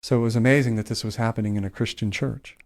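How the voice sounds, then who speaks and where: A man telling a heartfelt story on a podcast, slowing and softening his voice at its emotional points. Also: mid-range voice, fairly even intonation. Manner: slows down and softens for emotional moments.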